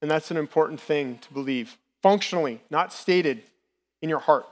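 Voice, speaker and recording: A man's voice: on the high side, normal speed. A man in his thirties preaching a sermon in a candid, personal, conversational way as a lay preacher. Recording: long reverb from the hall.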